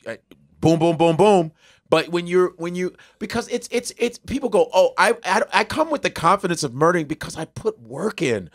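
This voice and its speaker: A middle-aged man, a comedian originally from Nigeria, telling stories loudly and profanely, acting out everyone he quotes. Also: sits high, lively intonation, moderate pace. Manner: loud, profane, acts out people in quoted voices. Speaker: comedian guest. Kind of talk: animated storytelling with voices.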